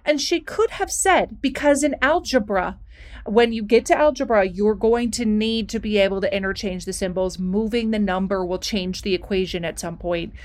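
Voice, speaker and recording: A woman who works as a teacher, telling animated anecdotes as a guest in a casual conversation. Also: mid-range voice, normal speed. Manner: animated, rising indignation in anecdotes.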